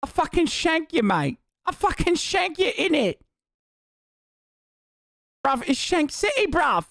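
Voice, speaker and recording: A man's voice: extremely high pitch, very animated, slow pace, no echo, studio quality, voice pushed up, heavily acted. A man doing a put-on British accent as a taunting, threatening young lad. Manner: taunting, slangy, shouty. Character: mocking rowdy male British lad, threatening.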